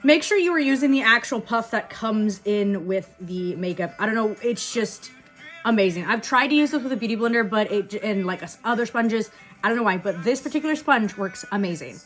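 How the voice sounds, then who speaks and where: A woman's voice: medium pitch, animated, a bit bright, soft background music. A young woman telling a blunt, profane story while doing her makeup in a casual get-ready-with-me vlog. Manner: quick chatty asides. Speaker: beauty vlogger.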